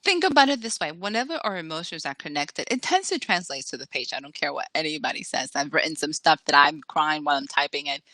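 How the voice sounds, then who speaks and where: A woman author chatting in an interview, lively and acting out the people she quotes. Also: low voice, quick pace, hardly any pauses, dry recording. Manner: animated, acts out quoted voices. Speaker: author guest. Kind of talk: casual interview chat.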